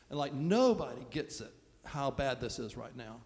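A man's voice: mid-range voice, very animated, a little slow, hardly any pauses. A man preaching a sermon as pastor, talking in a conversational, self-deprecating way. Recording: long reverb of a large hall.

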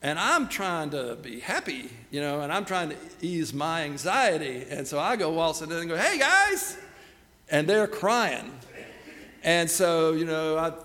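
A man's voice: fairly high pitch, a little slow. Man, middle-aged, raised voice, preaching with a long hall echo. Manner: self-deprecating, animated storytelling. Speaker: pastor. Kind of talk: sermon storytelling.

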